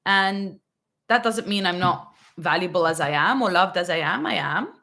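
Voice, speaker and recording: With a fairly low pitch and a bright, forceful tone, a woman answers a viewer's question on her parenting channel, her intonation lively at normal speed. She's casual and emphatic, often saying "right?" and "okay," and acts out the parents she quotes in little voices.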